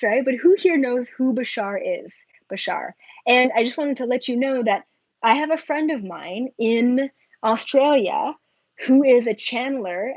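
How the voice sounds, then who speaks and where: A woman talking casually to her viewers as a spiritual vlogger, rambling and excitable, full of filler likes and asides. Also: a little high, dry recording, muffled recording.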